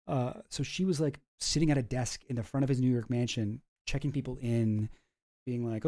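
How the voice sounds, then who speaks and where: A man's voice: medium pitch, steady tone, normal speed, dark tone. A man giving casual, rambling commentary with lots of fillers, reading documents aloud as he goes.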